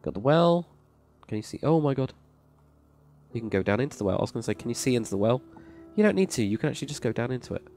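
Gravelly, low-voiced man gaming. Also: darkish tone. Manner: enthusiastic, rambling, praises freely. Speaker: Minecraft server plot reviewer. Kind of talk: casual game commentary. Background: faint background music.

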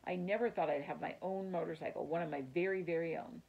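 A woman voicing a small, eager male mouse in a children's storybook, talking with quick excitement. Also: on the low side, vocal fry, muffled recording.

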